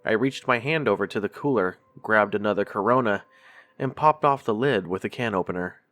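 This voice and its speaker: A man hosting a horror podcast, reading a first-person scary story in a measured, drawn-out storytelling delivery. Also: fairly low pitch, a bit bright.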